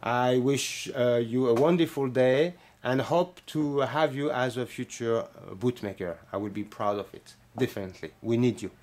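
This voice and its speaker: A man's voice: medium pitch, moderate pace, hardly any pauses, a little mellow. A middle-aged man with a heavy French accent, a bootmaking instructor explaining his classes in an earnest, hesitant way with many fillers. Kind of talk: explaining classes in a promo walkthrough.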